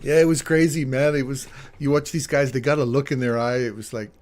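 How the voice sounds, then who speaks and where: A man's voice: medium pitch, steady tone, fairly quick, darkish tone. A man hosting a livestream, casually telling rambling anecdotes with chuckles and plenty of fillers. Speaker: trading livestream host.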